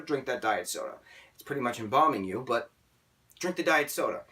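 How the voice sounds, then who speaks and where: Animated man ranting a little off-mic. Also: on the high side. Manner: animated, emphatic, keeps asking "right?". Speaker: vlogger. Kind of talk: casual opinion vlog monologue. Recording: voice a bit distant from the mic.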